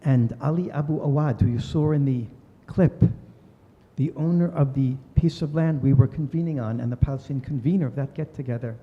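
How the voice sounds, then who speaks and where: At medium pitch and a slightly fast clip, an older man gives a talk, earnestly telling a story and voicing its characters. The setting is a reverberant synagogue hall, and the recording is dull.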